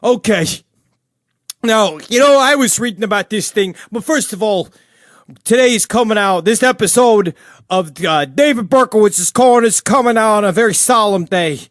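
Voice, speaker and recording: For a comedic character monologue, a man plays a rambling older killer in jail who natters about heaven and gossip. His fairly bright voice sits high for a man, moves at a moderate pace and bursts into sudden outbursts. The recording is dry and close, with no room sound.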